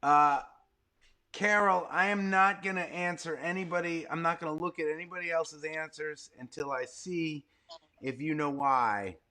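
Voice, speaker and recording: A man hosting a casual online gathering, reading out viewer answers with excitable reactions. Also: on the high side, moderate pace. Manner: animated, excitable. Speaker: host of a livestream gathering.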